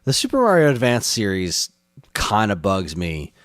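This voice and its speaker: A man's voice: lowish voice, huge pitch swings, moderate pace, dry recording, studio quality. A man co-hosting a gaming podcast in casual chat, enthusiastic and rambling, often laughing. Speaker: podcast co-host.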